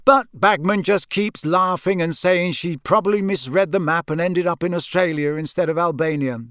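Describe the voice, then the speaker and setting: A man's voice: high voice, moderate pace, fairly bright tone, smooth, no room sound, studio quality, pitched above the performer's own voice. A man voicing a pompous, self-important young male ministry official in an audiobook reading.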